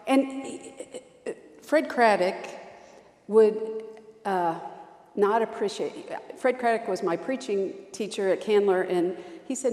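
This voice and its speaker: A woman's voice: medium pitch, a little mellow, echoey room, in a large hall. A woman pastor preaching a sermon, telling stories with strong emphasis and repetition.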